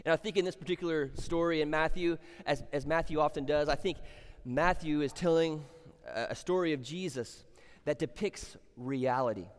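A man with a slightly high voice preaches a sermon, working through scripture verse by verse. He repeats key phrases for weight and throws rhetorical questions at the congregation. The sound carries a long hall reverb. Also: normal speed. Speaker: pastor.

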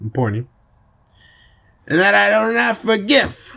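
A man voicing a hammy, menacing Italian mafia boss in a mock Italian accent, with slow, drawn-out, theatrical delivery. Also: medium pitch, animated, darkish tone, husky, voice pushed down. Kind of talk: amateur dramatic reading.

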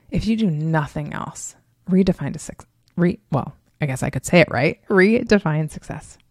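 A woman's voice: lowish voice, vocal fry, a little mellow, no room sound, clean studio sound. A woman hosting a solo motivational podcast, talking candidly and emphatically, swearing freely and laughing often as she tells stories. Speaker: podcast host.

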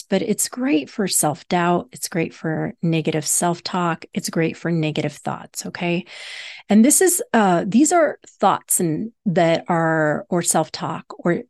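A woman who coaches hypnosis hosts a solo self-help podcast, teaching earnestly and repeating key points for emphasis. Her fairly low voice is gravelly and darkish, in a dry, clean studio recording.

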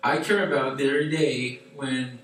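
A man preaching to a youth group in a chatty, animated way with many fillers. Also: medium pitch, normal speed, slight background noise. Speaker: youth pastor. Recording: echoey room from far off.

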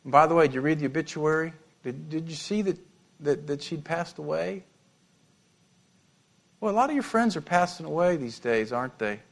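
A preacher voicing a sly male serpent who tempts with low, quiet, insinuating questions. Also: expressive, normal speed, vocal fry.

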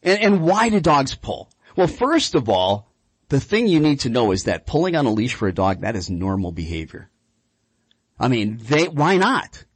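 A man hosting a radio call-in show about dog training, telling stories in an animated, chatty way. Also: mid-range voice, moderate pace, husky, dry recording.

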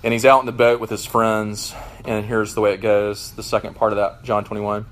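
A man in his thirties gives a sermon in an earnest, conversational way. His voice sits slightly low, and his delivery is relaxed and unpolished, with fillers and restarts. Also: brisk. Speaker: pastor. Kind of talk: sermon with scripture reading.

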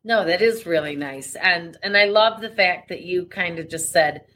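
Emphatic low-voiced woman podcast host. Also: normal speed, hardly any pauses, a bit bright, a little hiss or hum, rough recording. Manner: emphatic, blunt, many fillers. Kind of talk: casual podcast conversation.

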